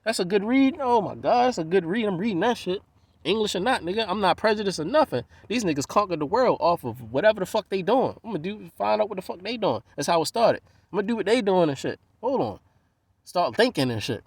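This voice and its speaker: A man from the East Coast rants to the camera in a loose, streetwise way, full of swearing. His pitch jumps high and low as he gets worked up. The sound is close and dry, with no room around it. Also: fast, husky, no room sound. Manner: animated, profane, streetwise, slips into voices of others. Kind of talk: casual profane monologue.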